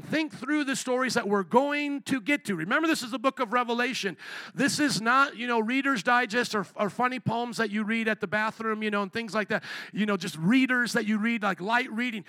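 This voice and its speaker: A man preaching a sermon as pastor, animated and asking the congregation questions. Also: very high-pitched, moderate pace, dry recording. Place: church.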